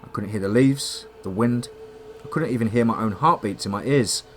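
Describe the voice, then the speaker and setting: A man's voice: lowish voice, normal speed, a little hiss or hum. Man narrating a horror story, dramatic.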